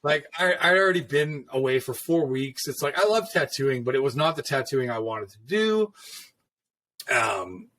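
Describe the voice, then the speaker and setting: A middle-aged man who works as a tattoo artist tells stories from his shop, relaxed and swearing freely, acting out the lines people said to him. His voice is medium in pitch and expressive, with a fairly bright tone at a normal speed. It's a casual storytelling conversation.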